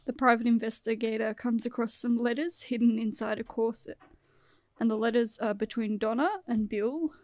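A woman's voice: a little high, fairly even intonation, normal speed, a little mellow, no room sound. A woman podcast host retelling a plot casually, laughing often. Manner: laughing, storyteller.

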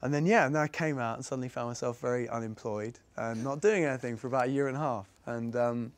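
A young English actor, visiting as a guest in a school room with an audience, answers pupils' questions fast in a medium-pitched voice on a dry recording. He's casual and rambling, self-deprecating, and laughs often.

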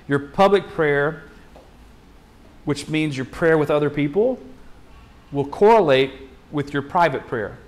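A male pastor preaching in a loose, conversational way. His voice sits a little higher than most men's, and he leans on rhetorical questions and quick restarts as he talks through the sermon. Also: expressive.

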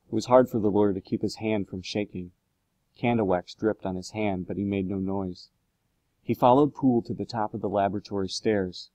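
A man reading a classic novel aloud as a steady storybook narrator. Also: fairly low pitch, no echo, low-quality recording. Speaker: audiobook reader.

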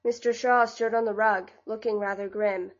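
A woman narrating a classic novel as an audiobook in a measured, even reading style. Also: medium pitch. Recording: slightly dull lo-fi audio.

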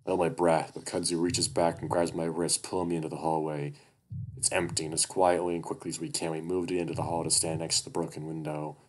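Very deep-voiced man reading a story. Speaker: story narrator. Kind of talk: first-person story reading.

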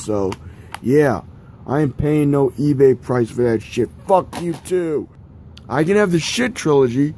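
A man's voice: on the high side, mellow, slight background noise. A young man rambling in a casual vlog about his DVD collection, swearing often and mocking himself. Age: young adult. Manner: profane, rambling, self-mocking. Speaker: collector showing DVDs.

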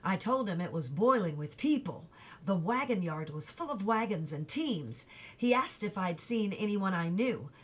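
A woman's voice: mid-range voice, expressive, moderate pace, slightly rough. Woman reading a novel aloud. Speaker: audiobook reader.

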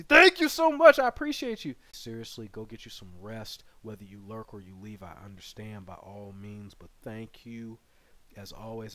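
A man streaming a game live, chatting with viewers and bursting into loud excited yells. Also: lowish voice. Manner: excitable, bursts into loud yelling, banters with chat. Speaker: gaming streamer. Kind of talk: live gameplay commentary.

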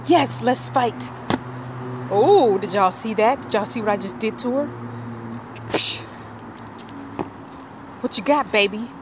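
A woman's voice: on the high side, slow pace, pauses often, noisy background. A mother filming her child outdoors for a family vlog, teasing and talking playfully to her viewers. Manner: animated, teasing, talks to viewers. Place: outdoors near woods.

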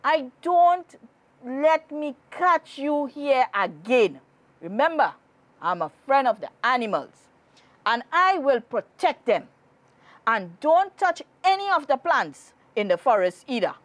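A woman's voice: sits high, big pitch swings, takes it slowly, dry recording, voice pushed up, full character voice. A woman voicing a stern old male forest spirit who bellows scoldings in a storybook reading.

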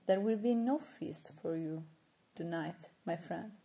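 A woman's voice: lowish voice, unhurried, creaky, mellow. Woman reading as a grim scheming king. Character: worried, scheming male king.

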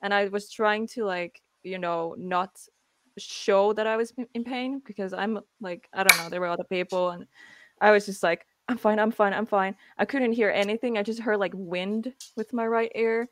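A woman's voice: mid-range voice, moderate pace, a bit bright. A woman from Finland, an English speaker with a stuffy nose, hosting a casual live-stream chat and reading from her notes with lots of fillers. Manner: chatty, reads from notes, frequent fillers. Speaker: host.

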